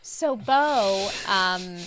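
A woman on a casual podcast, an animated storyteller who tells a tale about her young son. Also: medium pitch, very slow, slight background noise, rough recording. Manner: animated storyteller, acts out quoted voices. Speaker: podcast co-host.

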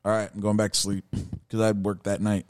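A man's voice: level tone, fairly quick, a little mellow, smooth. A man chatting casually in a group, easygoing and rambling. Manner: easygoing, rambling, low-key.

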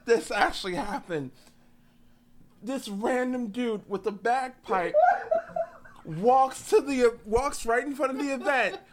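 A podcast co-host telling a story in casual chat, animated, laughing often and swearing. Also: medium pitch. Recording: loud background noise.

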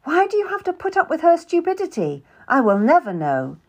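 A woman's voice: medium pitch, lively intonation, a little slow, a little mellow, slightly rough. A woman playing a scolding older noblewoman. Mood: scornful. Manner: scolding, scornful. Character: stern older noblewoman, scornful mother.

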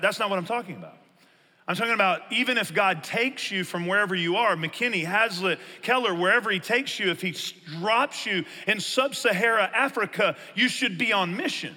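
A man's voice: high-pitched, a little fast, pushed and bright, big-room sound. A man, a pastor preaching a conversational sermon and acting out his listeners' objections.

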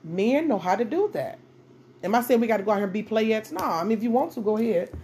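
A woman's voice: a little high, expressive, fast talker, a little mellow. A middle-aged woman hosting a podcast, giving dating advice in a blunt, profane, casual monologue and repeating phrases for emphasis. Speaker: podcast host.

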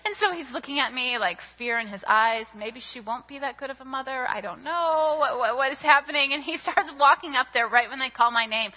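A young woman giving a sermon, telling a personal story in an animated, chatty way with many fillers. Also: sits high, fairly quick, few pauses. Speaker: speaker at a church service. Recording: dull audio with long hall reverb.

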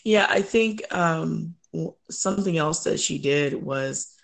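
A middle-aged woman telling personal stories as an interview guest, lively, laughing often and acting out quoted voices. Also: deep voice, slow pace, gravelly. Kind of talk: conversational interview storytelling.

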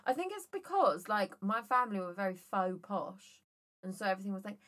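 A woman's voice: mid-range voice, big pitch swings, fairly quick, bright, forceful tone. A woman co-hosting a casual podcast chat, telling jokey stories with plenty of swearing. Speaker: podcast co-host.

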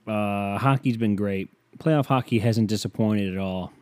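A young man from Ohio hosts a solo podcast on a headset mic, his lowish, darkish voice moving at a measured pace in a dry recording. He rambles, swears and pokes fun at himself.

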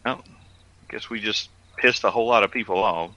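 A man playing a tabletop game, joking in a slow drawl. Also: lowish voice, pushed and bright, no echo, muffled recording. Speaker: player. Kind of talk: casual tabletop game play.

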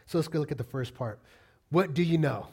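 A man preaching a sermon, animated and full of rhetorical questions, swinging between loud emphatic lines and quiet, low asides. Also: fairly quick, slightly rough. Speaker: pastor.

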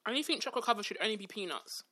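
A woman's voice: mid-range voice, animated, rapid-fire, sharp tone, husky. A woman co-hosting a casual chat, laughing often and reacting with sympathetic sounds. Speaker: podcast co-host.

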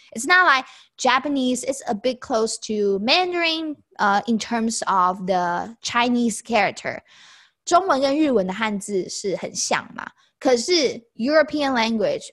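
A woman teaching a lesson in a patient, chatty way, repeating each phrase and explaining it slowly. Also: on the high side. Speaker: language teacher.

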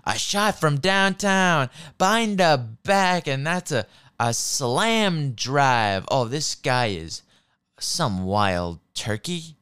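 Young man doing a gentle punning woman commentator, sing-song, smooth tone. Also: a little high, lively intonation, slow, dry recording, clean studio sound. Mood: mocking. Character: soft-spoken punning female sports commentator.

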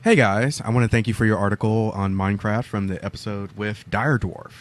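Low-voiced man from the southern US. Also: fairly quick. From southern United States. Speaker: podcast co-host. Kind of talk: casual chat.

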